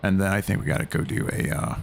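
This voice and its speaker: A man's voice: quick pace, noisy background. A young man streaming a video game live, chatting loosely and rambling, swearing casually as he plays.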